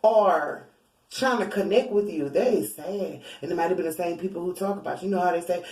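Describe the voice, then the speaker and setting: Tarot reader woman, relaxed chatty delivery, a little off-mic in an echoey room. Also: fairly low pitch, a little fast. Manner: chatty, informal, laughs often. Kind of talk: casual spiritual reading. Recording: roomy, a bit far from mic.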